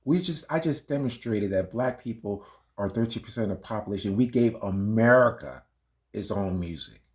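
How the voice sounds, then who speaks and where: A man's voice: fairly low pitch, animated, moderate pace, darkish tone. A man hosting a reaction video, talking casually and arguing emphatically between clips. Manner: emphatic, argumentative, fumbling with playback. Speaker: commentary channel host.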